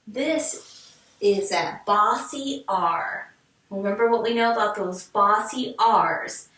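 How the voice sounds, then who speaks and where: A woman teaching a reading lesson to young children, sounding words out slowly and syllable by syllable, cheerful and encouraging. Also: mid-range voice, a bit bright. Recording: echoey room, mic at a distance.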